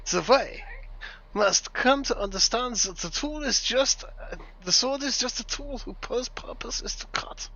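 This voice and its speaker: A man playing a solemn male sword-master in a put-on German accent, reading old wisdom aloud in a grave, measured way. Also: very high voice, sharp tone, muffled recording, pitched above the performer's own voice, exaggerated voice. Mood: solemn recital.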